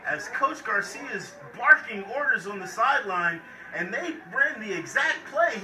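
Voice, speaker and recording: A man's voice: very high-pitched, lively intonation, measured pace. Hyped man calling college football. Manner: hyped, playful, talks to viewers directly. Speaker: play-by-play announcer. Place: football stadium. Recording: echoey, distant mic with crowd noise.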